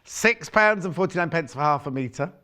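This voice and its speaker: A man's voice: a little high, expressive, normal speed, bright, forceful tone, smooth. A man presenting on a live shopping channel, chatting playfully, teasing his co-host and reading out fabric prices. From United Kingdom. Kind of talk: live TV sales chat. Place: TV studio. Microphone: clip-on mic.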